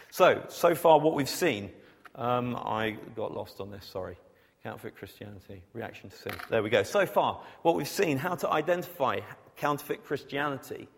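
Man, preacher, sermon, gravelly, humorous storytelling, reverberant hall. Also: mid-range voice. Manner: storytelling with humor, animated when acting out scenes.

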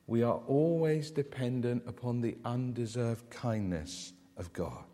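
A man preaching a sermon, lively and emphatic, often putting questions to the congregation. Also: mid-range voice, measured pace, in a large hall. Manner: animated, asks the congregation questions.

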